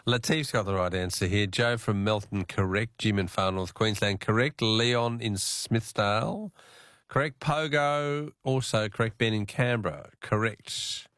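A man with an Australian accent hosting a talkback radio quiz, chatty and quick to laugh with callers. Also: on the low side, fairly bright tone, dry recording, studio quality.

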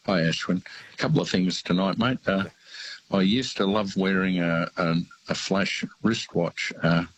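Deep-voiced older Australian man, rambling. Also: poor audio. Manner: halting, rambling storyteller with many fillers. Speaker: radio caller. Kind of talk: casual phone-in chat.

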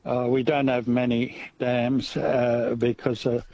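An Australian man, a dairy farmer calling in to radio, talking in a halting way with many fillers. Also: mid-range voice, level tone, mellow, no echo. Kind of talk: phone-in chat. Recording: dull lo-fi phone line.

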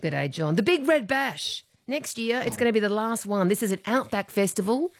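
A woman's voice: medium pitch, lively intonation, moderate pace. A woman from Queensland with an Australian accent, hosting a radio talkback show in a chatty, teasing way and laughing easily.

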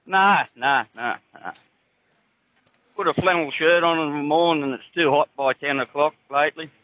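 A man's voice: fairly high pitch, normal speed, no room sound. A man with a broad rural Australian accent, calling in to a radio show and chatting in a laconic, dryly humorous way. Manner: laconic, dry humour, says "mate" a lot. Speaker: caller. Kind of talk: casual radio phone-in chat. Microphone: phone. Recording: tinny phone line.

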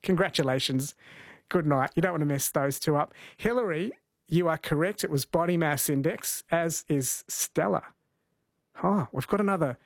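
A chatty male radio host in casual conversation with a caller. His voice sits a little high and is recorded dry and close in the studio. He laughs easily and slows down to read quiz questions. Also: creaky, no room sound.

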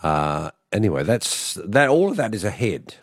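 A croaky Australian man hosting late-night radio, his voice sitting very low and recorded dry and close in the studio. He chats in a rambling, self-deprecating way with plenty of fillers. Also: very animated, moderate pace, dry recording. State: croaky voice from a cold. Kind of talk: casual radio talk. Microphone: studio microphone.

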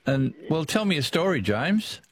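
A man with an Australian accent hosting a casual radio talkback chat, easygoing and quick to laugh. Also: on the high side, big pitch swings, a little hiss or hum. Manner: chatty, easygoing, laughs often.

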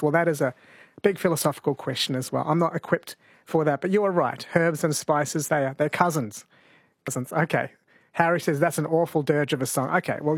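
A man's voice: a little high, dry recording, clean studio sound. A man, hosting a talkback radio quiz and reading out listener texts in an easygoing way. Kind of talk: late-night talkback radio. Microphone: studio microphone.

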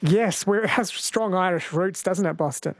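Female radio host, mid pitch, dry studio sound, brisk and chatty. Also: no echo. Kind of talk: radio call-in hosting.

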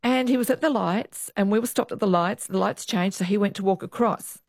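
A woman, a former police officer, recounting her years on the job in a lively interview. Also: medium pitch, fairly quick, no room sound, clean studio sound. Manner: lively storyteller, acts out quoted voices. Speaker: retired police officer, guest. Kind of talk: storytelling interview.

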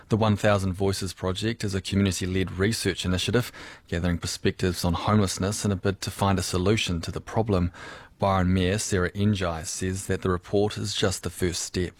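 Male Australian newsreader, deep and dry, steady formal delivery. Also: no room sound. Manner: measured, formal read. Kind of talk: radio news bulletin.

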